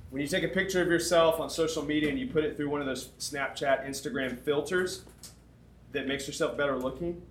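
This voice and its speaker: A young man preaching a sermon, telling a story and acting out the people in it with lively dialogue. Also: fairly high pitch, brisk, slight background noise. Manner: animated storyteller, acts out dialogue. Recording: echoey room.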